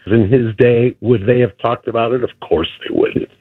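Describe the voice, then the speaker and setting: A man calling in to a radio show, speaking haltingly at first and then turning combative. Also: mid-range voice, husky, no echo. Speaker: caller. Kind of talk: call-in radio talk. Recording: dull lo-fi phone line.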